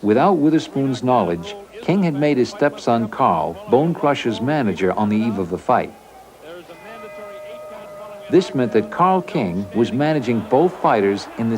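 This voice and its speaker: A man narrating a documentary in a steady, factual, scripted delivery. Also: mid-range voice, measured pace, noisy background.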